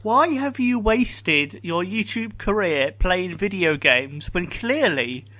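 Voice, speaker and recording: A man's voice: high-pitched, animated, slow pace, sharp tone, dry recording. A man hosting a comedy podcast in a casual chat, teasing his co-host and pushing him with questions.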